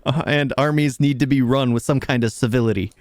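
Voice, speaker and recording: A man's voice: mid-range voice, fairly even intonation, dry recording. American man, dry close sound. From United States. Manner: reflective, halting, repeats words. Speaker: reaction video host. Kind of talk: casual reaction commentary.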